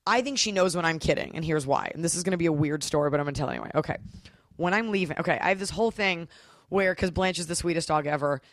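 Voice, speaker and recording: A young adult woman, a comedian guest, chatting on a podcast and telling a story with lively, animated delivery. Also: on the low side, fast talker, no echo. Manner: animated storytelling, puts on silly voices. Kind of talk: casual podcast chat.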